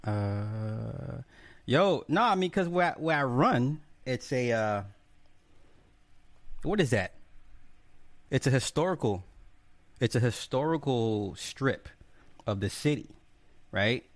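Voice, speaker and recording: A man's voice: medium pitch, lively intonation, takes it slowly, pauses often, no echo. An adult man hosting a casual live stream, joking, swearing freely and greeting viewers by name one after another. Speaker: livestream host. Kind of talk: casual livestream chat.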